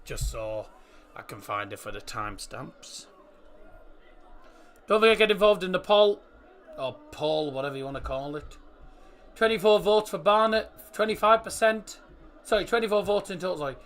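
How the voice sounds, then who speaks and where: A man's voice: high-pitched, moderate pace, long pauses. A young man hosting a live football watchalong, reading chat and reacting to the match. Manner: excitable, rises to shouts at chances; fumbles over name pronunciations.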